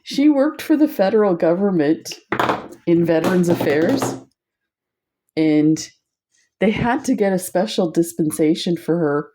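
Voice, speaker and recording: A woman's voice: lowish voice, lively intonation, a little slow, long pauses, dark tone. An older woman whose first language is French, chatting casually and laughing often while teaching a craft. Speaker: craft instructor. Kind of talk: casual crafting tutorial chat.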